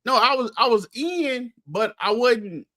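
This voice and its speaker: A man's voice: extremely high pitch, lively intonation, measured pace, bright, forceful tone, dry recording, clean studio sound. A man joining a live stream as a guest, talking in an easygoing, rambling way. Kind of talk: casual live-stream chat.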